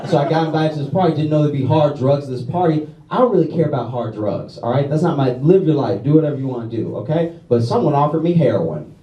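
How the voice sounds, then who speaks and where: A man's voice: on the high side, animated, fast, few pauses, recorded from a distance, highs cut off, slight background noise. A man from Louisiana doing a stand-up routine on stage, self-deprecating and conversational, peppering his stories with "okay?" asides. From Louisiana, USA. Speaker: stand-up comedian. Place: large comedy venue with audience. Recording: echoey live venue audio from afar, crowd laughter.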